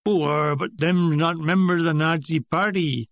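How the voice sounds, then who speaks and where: A man voicing a slow-talking young soldier with a Cornish accent, plodding and defensive. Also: a little high, fairly even intonation, fairly bright tone, no room sound.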